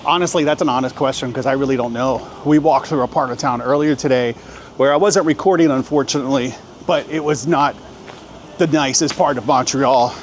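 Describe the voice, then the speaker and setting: A man's voice: medium pitch, fairly quick. A man in his thirties walking city streets and chatting casually to his camera as a travel vlogger, joking and thinking aloud. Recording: outdoor street noise. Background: street and traffic noise.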